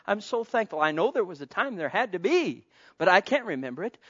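A man preaching a sermon, calling out to the congregation and swinging between soft pleading and loud, impassioned exclamation. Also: high-pitched, very animated, brisk, husky. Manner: calls out to the congregation. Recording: dull lo-fi sound.

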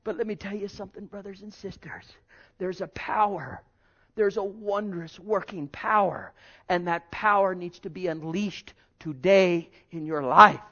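High-voiced preacher swinging loud and hushed. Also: male voice, measured pace, dull audio. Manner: swings between loud exhortation and hushed tones. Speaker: pastor. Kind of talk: sermon.

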